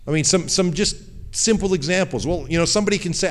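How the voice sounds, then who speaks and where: Speaking at a quick pace with big pitch swings, a male pastor gives a conversational sermon. He acts out people's words and goes low and quiet to drive points home.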